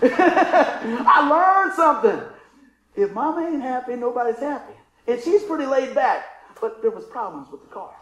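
A man's voice: very high voice, expressive, moderate pace, fairly bright tone, reverberant, low-quality recording. A middle-aged man preaching a sermon, telling a funny story and calling for responses from the congregation. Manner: folksy, call-and-response, acts out story voices. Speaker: pastor.

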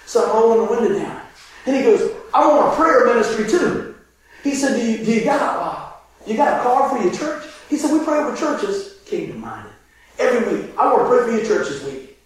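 High-voiced preacher in an echoey hall. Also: male voice, a little fast. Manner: animated, laughing, shouts at high points. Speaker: pastor. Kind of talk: sermon with storytelling. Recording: very echoey hall, distant mic, faint noise.

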